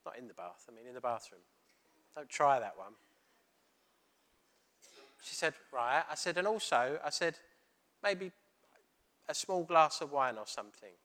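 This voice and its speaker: A man's voice: medium pitch, a little slow, pauses often. A middle-aged man giving a sermon, telling a story and acting out the dialogue. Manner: storytelling, animated, retelling dialogue. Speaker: preacher.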